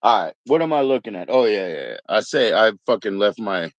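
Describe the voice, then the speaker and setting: On a live stream, a man with a fairly low, animated voice talks a little fast, rambling in a laid-back way as he greets viewers one by one and throws in mock Aussie slang. The audio is dull, with no echo.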